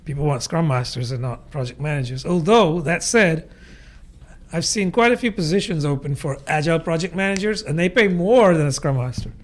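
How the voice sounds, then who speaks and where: A man co-hosting a podcast in casual chat, measured and agreeable. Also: fairly high pitch. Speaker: podcast co-host.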